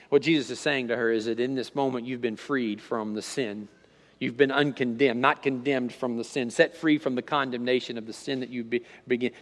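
A male pastor preaching a sermon in a conversational style, repeating words and swinging between loud emphasis and near-quiet storytelling. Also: medium pitch, in a large hall.

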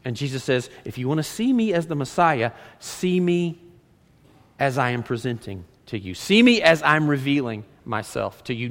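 A man preaching a sermon as pastor, reading scripture aloud and swinging from loud emphasis to hushed lines. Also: mid-range voice, moderate pace. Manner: animated preaching, reads scripture aloud, rises and drops dramatically. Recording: long hall reverb.

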